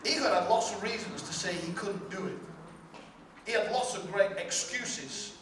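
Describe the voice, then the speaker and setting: A man's voice: sits high, lively intonation, moderate pace, a bit bright, slight background noise. A male pastor preaching a sermon with emphatic, repetitive rhetorical build-ups. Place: large church hall. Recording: echoey hall from far off, faint ambience.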